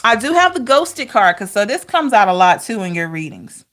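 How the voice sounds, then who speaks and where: A woman giving a casual tarot reading to camera, talking in an expressive, chatty way with rhetorical questions. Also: medium pitch, moderate pace. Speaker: tarot reader.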